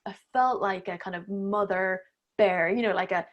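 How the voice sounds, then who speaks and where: A woman's voice: medium pitch, normal speed. A woman in her thirties, a podcast guest, telling a personal story in casual interview talk, acting out her own inner voices with laughs and the odd swear. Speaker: podcast guest, breathwork teacher.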